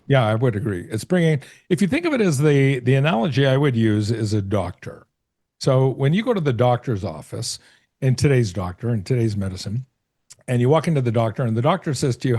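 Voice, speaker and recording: A middle-aged man, a sales coach being interviewed, explaining ideas through lively analogies and acted-out bits of dialogue. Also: medium pitch, a little fast. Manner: storytelling, acts out short dialogues and analogies. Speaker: sales coach and author, guest. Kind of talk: conversational interview.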